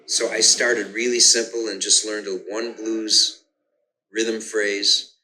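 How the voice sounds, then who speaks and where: An older man, a guest musician, telling the story of how he came to music in a relaxed conversational way, humming rhythms aloud to explain them. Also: fairly low pitch, slow pace, slight background noise, poor audio. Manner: hums and sings rhythms aloud to explain, frequent restarts.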